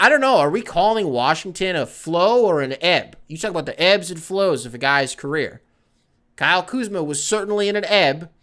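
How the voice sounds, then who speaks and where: A man's voice: high voice, fairly bright tone. A man hosting a sports podcast, rambling and joking in casual chat, swearing freely. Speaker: podcast host.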